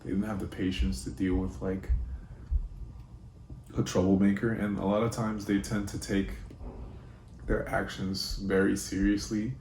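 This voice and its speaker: A young man telling personal stories in a relaxed, laid-back way, with frequent fillers. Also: deep voice, a little hiss or hum. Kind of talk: casual personal storytelling. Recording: roomy with faint ambience.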